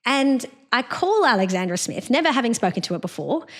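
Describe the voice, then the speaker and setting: Aussie woman podcaster venting, scornful, bit high voice. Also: big pitch swings, a little fast. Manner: indignant, scornful, laughs derisively. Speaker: podcast host. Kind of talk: solo commentary monologue.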